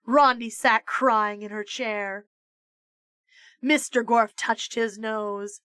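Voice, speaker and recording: A woman streamer reading a children's book aloud, measured and expressive. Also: a little high, smooth, dry recording, studio quality. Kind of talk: storybook read-aloud.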